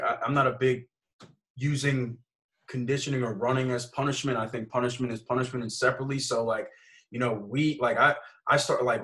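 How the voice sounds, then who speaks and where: A male football coach talks shop in a relaxed chat. His voice sits at an ordinary pitch, and he rambles through restarts and laid-back slang as he tells his stories. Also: poor audio. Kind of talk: casual coaching conversation.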